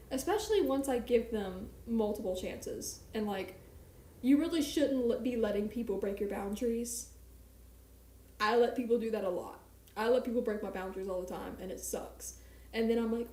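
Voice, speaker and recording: A woman's voice: fairly high pitch, moderate pace, mellow, a little hiss or hum. Woman live streamer, candid and self-mocking, echoey apartment room. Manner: candid, rambling, self-deprecating. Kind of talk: casual chat on a live stream. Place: apartment living room floor. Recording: roomy echo.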